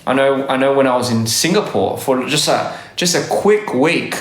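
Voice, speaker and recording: A man from Australia with a softened Australian accent, chatting casually on a live stream, rambling and correcting himself, often laughing. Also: medium pitch, expressive, normal speed, roomy sound. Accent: Australian English, softened by years abroad. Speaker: livestreamer. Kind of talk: casual live-stream chat reading comments.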